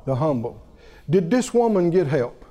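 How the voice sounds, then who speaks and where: A man's voice: moderate pace, highs cut off. A man preaching a sermon, telling a story with laughter and acting out what people said. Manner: lively, wide-ranging pitch.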